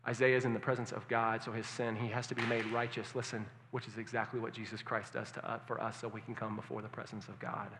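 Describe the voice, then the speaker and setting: A male pastor preaching a sermon, asking the congregation questions and swinging from hushed tones to loud emphasis. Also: lowish voice, flat delivery, fast, few pauses, background noise. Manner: engaging, asks the congregation questions. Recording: long hall reverb.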